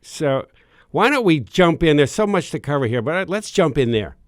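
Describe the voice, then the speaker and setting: A man's voice: a little high, big pitch swings, moderate pace, no room sound. A man hosting a radio talk show from the studio, enthusiastic and meandering as he searches for words. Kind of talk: casual talk show chat.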